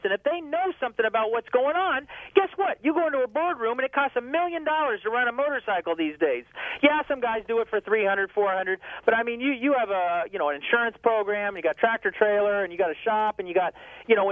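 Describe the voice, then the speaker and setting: Excited man on a tinny phone line. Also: very high-pitched, no room sound. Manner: emphatic, repeats phrases, talks fast and loose. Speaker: drag racing guest on phone. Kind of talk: casual radio phone interview.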